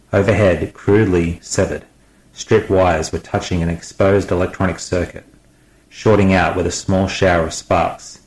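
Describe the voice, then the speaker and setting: Deep-voiced man narrating an audiobook. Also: roomy sound, rough recording. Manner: steady dramatic reading.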